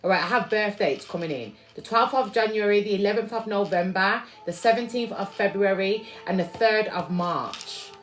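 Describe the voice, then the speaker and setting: A woman talking her way through a live spiritual card reading in a loose, rambling manner, often repeating words and restarting mid-sentence. Soft music plays faintly behind her, and her voice sits at an ordinary middle pitch. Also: moderate pace, hardly any pauses. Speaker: tarot reader.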